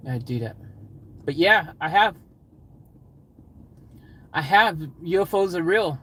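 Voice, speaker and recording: A man chatting casually on a livestream, reading out chat comments and rambling excitedly with frequent laughter. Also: fairly high pitch, unhurried, long pauses, slight background noise, poor audio.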